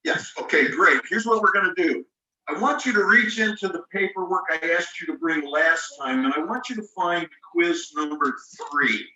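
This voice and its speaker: A man's voice: sits high, normal speed, sharp tone. A man teaching an online class, patiently explaining spelling rules step by step and spelling words out letter by letter. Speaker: ESL teacher. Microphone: video call microphone. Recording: roomy sound, mic at a distance.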